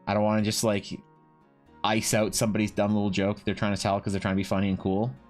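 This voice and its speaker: A man streams and chats casually while drawing, rambling, swearing, and frequently restarting. His lowish, a little mellow voice is delivered completely flat at a quick pace, with faint music behind.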